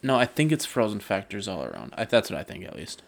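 A young man co-hosting a casual podcast, easygoing, often trailing off softly. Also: on the low side, wildly swooping pitch, quick pace, vocal fry, heavy background noise. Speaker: podcast co-host. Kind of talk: casual chat.

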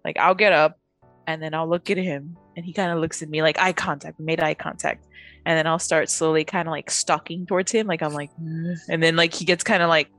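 A young woman talks casually in a slightly low voice. She rambles, stacks up fillers and giggles often. Soft music plays faintly behind her. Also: fairly even intonation, a little fast. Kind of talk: casual chat.

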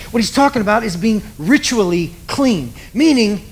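A man preaching a sermon, telling a story dramatically with emphatic pauses and repetition. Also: sits high, animated.

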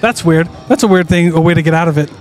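A man's voice: fairly high pitch, fast talker, over a noisy crowd. A man chatting casually as a podcast co-host, laughing and making playful asides. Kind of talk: casual chat.

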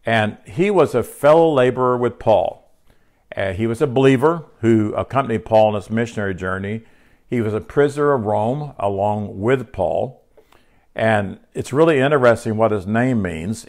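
Older man, preacher, sermon, fairly low voice, earnest, halting, repeats words. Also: a little mellow.

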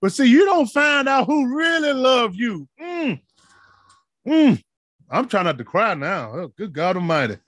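A man preaching a sermon in a passionate, rhythmic style, building to shouted peaks and dropping to soft asides. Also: very high voice, sing-song, unhurried, no echo.

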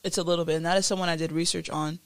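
A woman co-hosting a casual podcast chat, earnest and storytelling with quick laughs. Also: lowish voice, steady tone, no echo. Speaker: podcast co-host.

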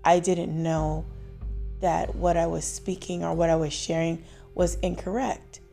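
Gravelly-voiced woman sharing faith reflections. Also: on the low side, little pitch movement, measured pace, dark tone, soft background music. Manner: reflective, laughs often, acts out quoted lines. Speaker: podcast host. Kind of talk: casual faith talk.

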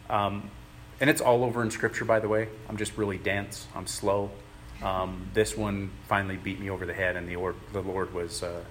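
A man with a lowish voice preaches in an easygoing, conversational way. He is earnest and plain-spoken, stopping often to gather his words. A faint hum of ambient noise sits behind him. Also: a bit bright. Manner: earnest, plain-spoken, halting with many pauses. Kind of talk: conversational sermon.

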